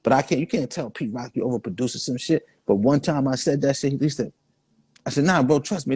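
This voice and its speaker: A man's voice: mid-range voice, a little fast, a little mellow, slightly rough, dry recording. A man, the guest in a casual interview, telling laid-back stories full of quoted dialogue. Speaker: guest artist.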